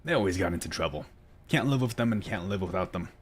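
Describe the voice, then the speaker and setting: A good-humored, teasing village miller, as a man puts on his voice. He speaks with a loose, attempted accent and an amused tone, pitched low, with faint noise in the background. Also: lively intonation, fast. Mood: kindly. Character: good-humored middle-aged male miller.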